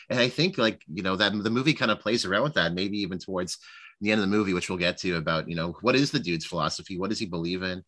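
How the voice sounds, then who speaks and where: A man's voice: low voice, fast talker, a bit bright. A man co-hosting a casual film discussion, rambling with many fillers and acting out quoted lines. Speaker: podcast co-host.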